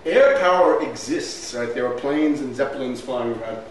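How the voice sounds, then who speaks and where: A man with a mid-range voice and lively intonation gives an emphatic historical lecture with slides at a normal speed. Rhetorical questions and a frequent "right?" pepper his talk. He is miked from a distance in a heavily echoing hall, with a faint hum underneath.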